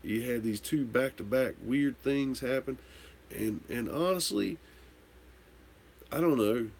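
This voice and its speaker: A gravelly-voiced, tipsy man rambles through a story in a casual storytelling chat while hosting a livestream and answering viewer comments. His voice is mid-range, slow and darkish, and he's candid, swearing casually.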